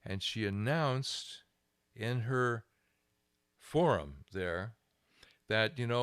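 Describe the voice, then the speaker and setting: An older man, a guest minister, telling a lively anecdote in an interview, chuckling and restarting his phrases. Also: fairly low pitch, extremely slow, pauses often, clear, resonant tone, dry recording, studio quality. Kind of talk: storytelling interview.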